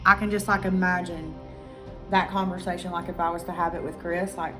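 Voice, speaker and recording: A woman's voice: on the low side, fairly quick, over music. A woman vlogger casually retelling a true-crime documentary, acting out quotes and swearing freely. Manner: chatty, animated retelling with acted-out quotes and swearing.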